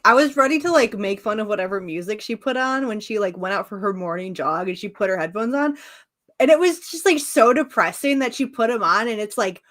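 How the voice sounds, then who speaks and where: A woman's voice: on the high side, fairly bright tone. A woman co-hosting a casual chat show, animatedly recapping a comic story, swearing and laughing often as she acts out the characters. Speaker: podcast co-host recapping a comic.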